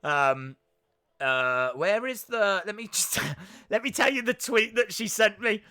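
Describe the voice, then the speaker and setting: Excitable British man streaming live. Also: high-pitched, unhurried, smooth. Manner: excitable, chatty. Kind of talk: live watch-along commentary.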